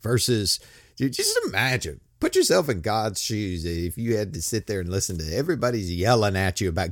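A man's voice: lowish voice, wildly swooping pitch, normal speed, a bit bright, no room sound, studio quality. A man preaching a casual, joking sermon and reading scripture, talking conversationally with many restarts.

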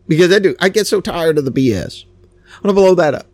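A man's voice: high-pitched, lively intonation, fast talker, a little mellow, no echo. A man giving a rambling, sarcastic opinion monologue, stammering and repeating himself. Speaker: commentator.

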